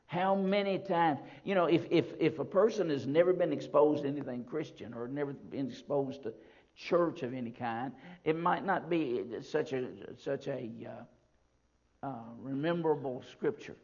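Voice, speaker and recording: Pastor, male, emphatic sermon delivery with drawn-out stresses; slightly high voice on a muffled recording. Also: darkish tone. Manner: emphatic, repetitive preaching with slow stresses. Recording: dull lo-fi sound.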